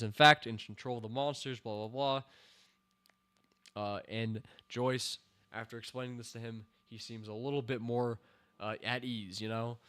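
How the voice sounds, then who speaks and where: A man hosting a casual stream, reviewing a TV season scene by scene, rambling with fillers and breaking into excited cheers and laughter. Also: medium pitch, smooth. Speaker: show host reviewing a TV season.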